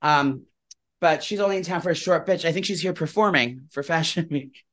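Fast-talking gossipy male podcast co-host. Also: on the high side, a bit bright. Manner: rapid-fire gossipy storytelling. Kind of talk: casual chat.

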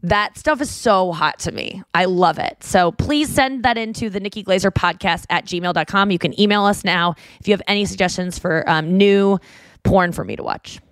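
A woman's voice: lowish voice, moderate pace, dry recording. A woman in her thirties hosting a podcast, chatting casually and rambling with lots of fillers and restarts. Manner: rambling, many fillers and restarts, acts out movie lines. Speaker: podcast host. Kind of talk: casual chat.

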